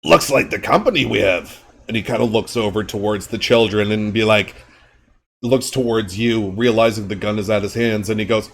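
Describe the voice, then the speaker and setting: A man playing a tabletop game, narrating his character's actions in an animated way. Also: on the low side, normal speed, breathy edge. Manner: animated storytelling.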